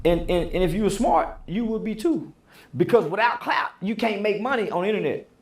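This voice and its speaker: A man giving a heated interview, blunt and preachy, firing off rhetorical questions and sometimes raising his voice to a shout. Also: sits high, lively intonation, brisk, reverberant. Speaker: interview guest. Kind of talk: heated opinionated interview talk.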